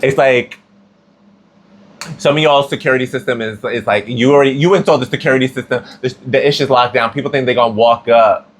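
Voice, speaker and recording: A man's voice: medium pitch, fairly even intonation, a little fast. A man giving a casual tarot reading, chatty and slangy, with plenty of filler words. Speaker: tarot reader.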